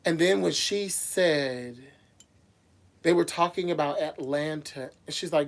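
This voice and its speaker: A woman with a lowish voice vents on a casual livestream, talking straight to her viewers. She is heated and emotional, and she keeps stumbling, repeating and restarting her words. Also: normal speed. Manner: addresses viewers directly. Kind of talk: casual live-stream rant.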